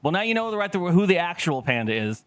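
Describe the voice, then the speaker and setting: A man's voice: sits high, sing-song, fast talker, fairly bright tone, smooth, dry recording. A man co-hosting a casual podcast chat, telling stories with lots of swearing and laughter. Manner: profane, storytelling, laughing often. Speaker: podcast co-host.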